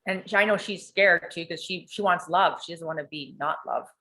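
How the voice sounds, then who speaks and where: A woman with a bright, forceful voice tells a candid family story. She swears freely and acts out what others said, in a lively, emotional way. Her tone sits on the low side for a woman. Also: fairly quick. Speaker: coaching client sharing a story.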